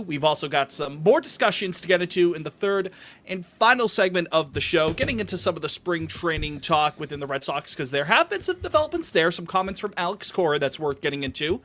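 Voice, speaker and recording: A man's voice: high-pitched, pushed and bright. A man hosting a casual podcast over a call, upbeat and joking with rambling asides. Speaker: podcast host.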